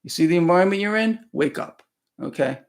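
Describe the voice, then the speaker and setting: A man's voice: high voice, animated, a little fast. A man hosting a live stream, talking emphatically and preachily and often checking in with "okay?". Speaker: livestream host. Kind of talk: casual live-stream talk.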